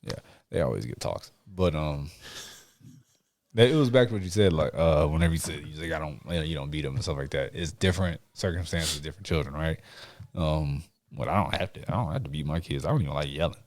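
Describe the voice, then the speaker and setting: A man hosting a casual podcast chat, telling animated stories with frequent laughs and casual swearing. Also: a bass voice, quick pace, no echo. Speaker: podcast host.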